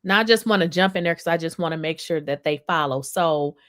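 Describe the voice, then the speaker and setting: A woman hosting a casual chat, stepping in to steer her guest and check the details for the audience. Her voice is slightly low and conversational. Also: fairly quick, a bit bright. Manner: prompting and clarifying for viewers. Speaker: host. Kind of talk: casual interview.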